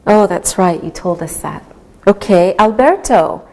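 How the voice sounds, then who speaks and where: Woman English teacher, unhurried classroom delivery, even mid-range voice. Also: medium pitch. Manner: slow, clearly enunciated teaching voice. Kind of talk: slow classroom instruction.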